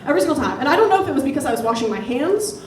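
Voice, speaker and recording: A woman's voice: high-pitched, sing-song, rapid-fire, a crowd in the background. A young woman doing a stand-up set, telling a story in a chatty way with laughing asides. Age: young adult. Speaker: stand-up comedian. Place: comedy venue. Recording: echoey room, distant mic.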